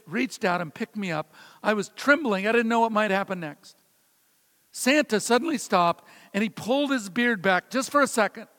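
A man preaching a sermon, telling a story and dropping into soft, hushed quotes. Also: high voice, long reverb tail. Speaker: pastor.

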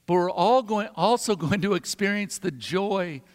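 High-voiced preacher in an echoing hall. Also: male voice, moderate pace. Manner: emphatic, repeats phrases for effect. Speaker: pastor. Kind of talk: sermon.

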